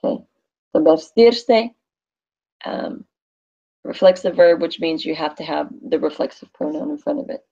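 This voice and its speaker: A woman's voice: low voice, lively intonation, normal speed, creaky, pauses often, mellow, slightly rough, dull audio. A woman teaching a Spanish class in a classroom, thinking aloud and quizzing her students.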